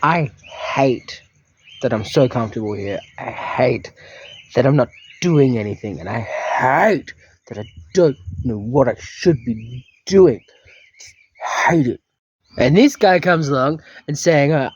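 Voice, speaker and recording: A man's voice: medium pitch, sing-song, slow, husky, no echo. A young man, rambling through a dry, self-mocking video diary. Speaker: vlogger.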